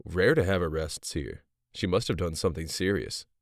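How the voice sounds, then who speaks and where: A man voicing a gruff gate guard who speaks in a curt, unimpressed way, in a story reading. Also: sits low, lively intonation, moderate pace, no echo, clean studio sound.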